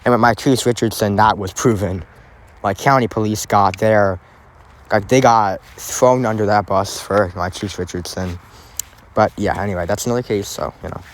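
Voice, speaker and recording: A man's voice: on the low side, moderate pace, a little hiss or hum. A man hosting a casual true crime podcast, talking in a rambling way with lots of fillers and restarts.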